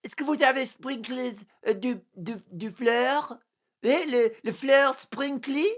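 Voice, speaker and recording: A man mimicking a smug celebrity woman, airy and high. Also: measured pace. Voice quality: breezy, self-satisfied, sing-song. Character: mocking impression of a preening celebrity woman.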